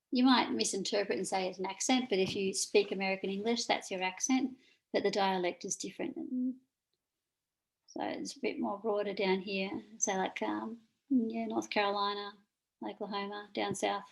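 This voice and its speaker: A woman's voice: medium pitch, creaky, rough recording. A woman with an Australian accent teaching a recorded lesson over slides, informal and full of fillers.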